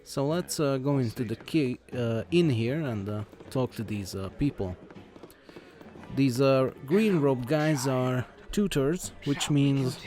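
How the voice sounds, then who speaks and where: Hesitant, mellow-voiced man narrating gameplay. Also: medium pitch, soft background music. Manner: hesitant, halting with many uh fillers and restarts; plain reading without character voices. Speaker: let's play host. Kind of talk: gameplay commentary, reading game text aloud.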